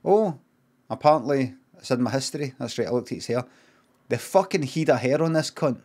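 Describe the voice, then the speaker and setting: A middle-aged streamer with a Scottish accent and a medium-pitched voice improvises a comic yarn, talking a little fast. He meanders in a deadpan way, swearing casually and veering into sudden tangents.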